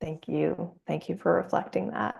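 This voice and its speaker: A woman practitioner guiding a client through a somatic coaching session, gentle and encouraging. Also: fairly low pitch, fairly even intonation, moderate pace, vocal fry. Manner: gentle, encouraging, acts out inner voices.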